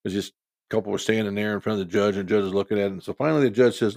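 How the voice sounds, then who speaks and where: A man's voice: on the low side, fairly even intonation, very fast, vocal fry, a little mellow, no echo, studio quality. A man with a cold, telling a personal story in a rambling, folksy way as a podcast host. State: has a cold. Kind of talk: casual storytelling.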